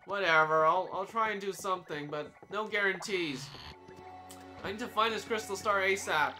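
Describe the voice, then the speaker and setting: A young man giving casual, joking gameplay commentary as he plays, sarcastic and quick to laugh. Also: sits high, pushed and bright, soft background music. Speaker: let's play commentator.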